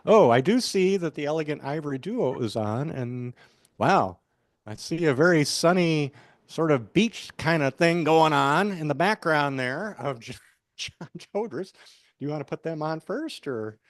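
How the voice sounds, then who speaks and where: Halting man hosting an open mic. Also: fairly high pitch, expressive, dry recording, studio quality. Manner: halting, many fillers. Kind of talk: event announcements. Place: small cafe.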